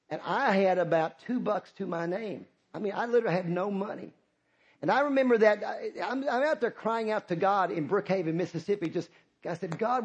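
A man's voice: high voice, breathy edge, muffled recording. A middle-aged man, preaching a sermon as pastor, impassioned and repetitive, calling out to the congregation.

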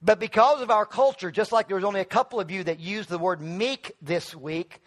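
A middle-aged male pastor preaching a sermon in church, calling on the congregation to answer back and building to loud emphatic peaks. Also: high voice, a little fast. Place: church sanctuary.

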